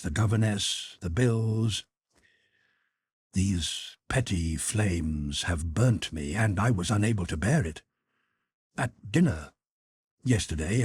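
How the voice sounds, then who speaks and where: A man reading the part of a grieving, humiliated middle-aged nobleman, halting and full of self-pity. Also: lowish voice, darkish tone, breathy edge, dry recording, exaggerated voice. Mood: distraught. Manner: halting, self-pitying, anguished. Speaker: character in audiobook.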